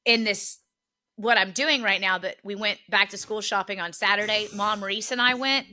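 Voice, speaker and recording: Bright, lively woman telling a story. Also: mid-range voice, moderate pace. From Philadelphia area. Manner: animated storyteller, laughs often. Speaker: podcast co-host. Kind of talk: casual chat.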